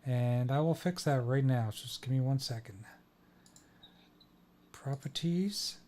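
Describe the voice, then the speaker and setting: A man hosts a relaxed podcast at a desk microphone. His voice sits at a middling pitch, and he talks plainly and apologetically while he fixes his setup. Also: a little slow, slight background noise. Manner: apologetic, troubleshooting aloud. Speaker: podcast host. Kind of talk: casual chat.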